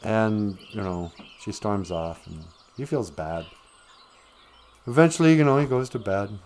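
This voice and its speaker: Man, live stream host, casual comic storytelling, rambling asides, slow pace. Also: fairly low pitch, animated, a little mellow, slight background noise.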